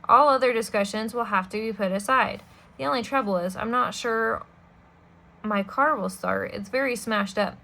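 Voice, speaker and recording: A woman doing a stern, fussy gentleman. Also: a little high, moderate pace, vocal fry. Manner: stern and prim. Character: stiff, fussy adult male banker.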